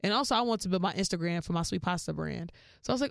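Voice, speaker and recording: Woman podcast host, slangy casual storyteller, clean dry mic, smooth voice. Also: very fast, no room sound. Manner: animated, slangy, jumps into high-pitched quoted voices.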